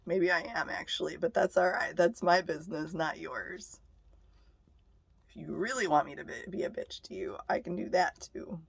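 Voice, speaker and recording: A woman's voice: on the low side, normal speed, gravelly, husky, no room sound. A young woman vlogger telling stories to the camera in a blunt, profane, casual way. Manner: blunt and profane, laughing between remarks.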